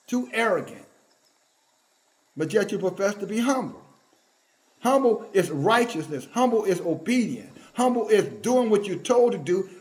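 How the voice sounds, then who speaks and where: High-voiced man preaching scoldingly. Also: darkish tone. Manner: emphatic and confrontational, reads scripture aloud. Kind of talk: scolding online sermon.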